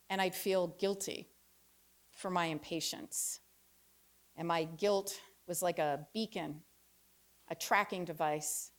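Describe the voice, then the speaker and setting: A woman in her fifties performing a reflective personal essay with wry storytelling and pauses. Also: medium pitch, steady tone, fairly bright tone. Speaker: author giving a reading.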